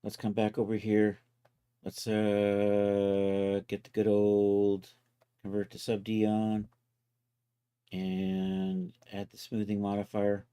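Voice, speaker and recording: A man casually talking himself through each step of a software task on a live stream, loose and self-mocking. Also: lowish voice, monotone, takes it slowly, clean tone. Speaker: livestreaming 3D content creator.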